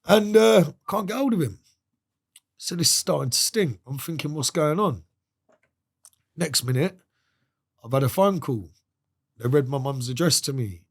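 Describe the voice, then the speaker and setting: A man's voice: fairly high pitch, lively intonation, unhurried, gravelly, long pauses, slightly rough. A man, a podcast guest telling a story in a casual interview. He talks in a streetwise way, swears freely and acts out the voices of the people he quotes.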